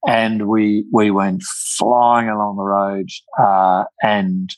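Older man, halting storyteller. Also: lowish voice, flat delivery, no room sound, poor audio. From Australia. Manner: halting, many restarts and repeated words. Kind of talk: casual chat, storytelling.

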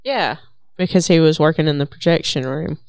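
Young woman, low smooth voice, dry close sound, wry game-night banter. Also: a little fast, a little mellow, dry recording. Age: 20s. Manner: jokey, wry, plays with silly voices. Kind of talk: casual group chat.

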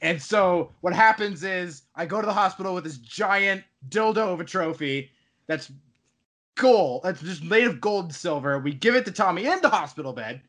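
Bright high-voiced man telling a story. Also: normal speed. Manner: animated storyteller, laughs while talking. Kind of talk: casual chat, retelling a video game story.

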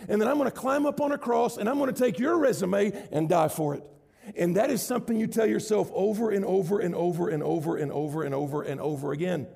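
Gravelig predigender Mann in großer Halle. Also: male voice, fast talker, long reverb tail. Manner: builds to loud, high-pitched emphatic preaching. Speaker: pastor. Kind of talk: sermon.

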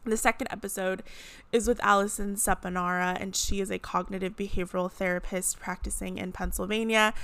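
A woman's voice: medium pitch, fairly bright tone, clean tone, dry recording. A young woman hosting her own podcast, talking earnestly and emotionally about her experience, with many casual fillers. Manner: earnest, emotional, tearful at moments, frequent "like" fillers. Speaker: podcast host. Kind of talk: heartfelt solo podcast talk.

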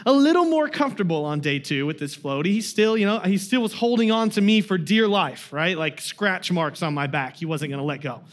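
A man's voice: sits high, animated, fairly quick, hardly any pauses. A young adult man giving a sermon as a guest preacher, telling a family story in a casual way with many fillers.

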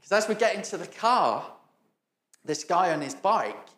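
A man's voice: high-pitched, sing-song, measured pace, a bit bright, roomy sound. A middle-aged man preaching a storytelling sermon, chatty and self-mocking and often laughing. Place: church hall.

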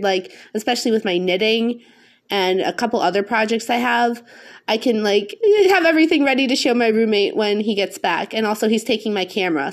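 A woman hosting a casual solo podcast, rambling in a chatty, self-conscious and affectionate way. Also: medium pitch. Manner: rambling, chatty, with frequent fillers. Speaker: podcast host.

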